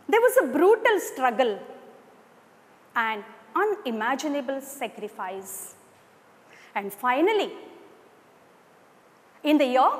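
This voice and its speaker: A woman's voice: sits high, long reverb tail. A woman teacher with an Indian English accent giving a recorded online lesson, explaining and addressing her students directly.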